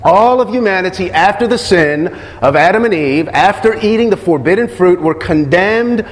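A man with a high voice preaches a sermon. He puts questions to the congregation and repeats his key phrases. His voice rings out in a hall with a long echo. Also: lively intonation, moderate pace.

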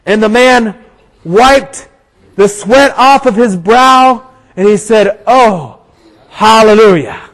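High-voiced preacher telling a story. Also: male voice, slow pace, rough recording. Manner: animated storyteller, builds to shouts at the climax. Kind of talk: storytelling sermon.

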